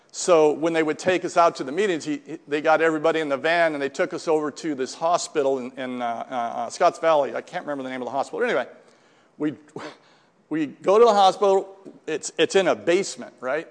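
A middle-aged man telling a rambling, self-deprecating recovery story to a live group, with many restarts and quoted dialogue. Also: a little high. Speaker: speaker sharing a recovery story. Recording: long hall reverb.

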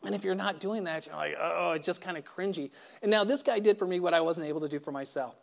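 A middle-aged man gives a personal recovery talk in a high, gravelly, fast voice. He is wry and self-deprecating, frequently stammering and starting his sentences over.

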